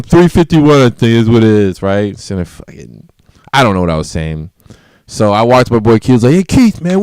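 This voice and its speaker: A man's voice: medium pitch, a little mellow, no room sound, studio quality. A man telling a party story in casual chat, acting out quotes and laughing often. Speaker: guest.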